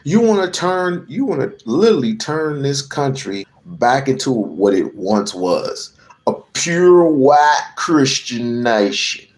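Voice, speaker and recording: Slow, animated man ranting. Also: medium pitch. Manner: profane, emphatic, repeats phrases. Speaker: political commentator. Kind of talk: heated political rant to camera.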